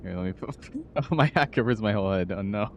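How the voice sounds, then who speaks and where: A man's voice: on the low side, quick pace, darkish tone, highs cut off, a little hiss or hum. A man streaming live, chatting casually and playfully with his viewers and laughing often.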